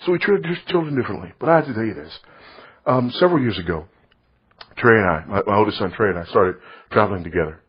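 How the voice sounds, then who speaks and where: A middle-aged man preaching, telling a story in a sermon, swinging from loud to hushed. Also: on the low side, animated, fast talker, breathy edge. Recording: dull lo-fi recording.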